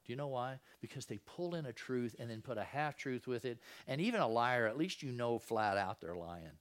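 A Christian preacher with a mid-range, expressive voice teaches the Bible at a brisk clip. His style is casual and folksy, full of rhetorical questions, and he often repeats or restarts phrases.

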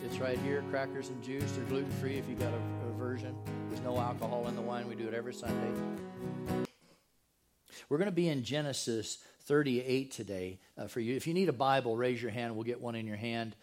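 A man's voice: medium pitch, steady tone, fairly quick, over loud music. A man pastoring a church, preaching a sermon in a casual, joking way and asking his congregation questions. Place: church sanctuary.

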